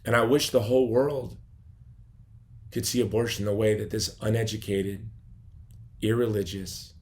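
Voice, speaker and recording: A middle-aged man from Chicago giving an earnest personal testimony at a gala, dropping to quiet asides. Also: on the low side, fairly even intonation, normal speed. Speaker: gala speaker.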